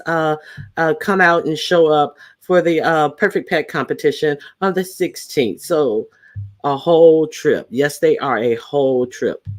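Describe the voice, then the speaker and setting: A man hosting a live stream, chatting casually with viewers in a rambling way, full of fillers and restarts. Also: fairly high pitch. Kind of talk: casual chat.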